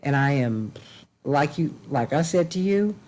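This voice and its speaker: A woman's voice: sits low, expressive, measured pace, a little mellow, poor audio. A woman hosting a talk show and signing off, effusive and emphatic, repeating blessings and affection with a preacherly rhythm.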